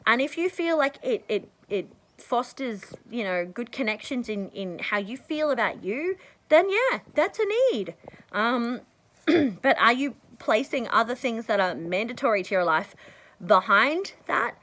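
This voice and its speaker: A woman vlogger giving casual advice to the camera, rambling and chatty, often clearing her throat. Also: measured pace, rough recording. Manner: bursts into high excited tones when acting out conversations.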